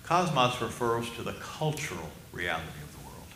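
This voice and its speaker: A male pastor delivers a sermon in a bright, forceful voice. He is emphatic, slows right down to stress key phrases and asks the congregation questions. The sound is roomy, with a faint murmur of ambience behind. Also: on the low side, big pitch swings, a little hiss or hum.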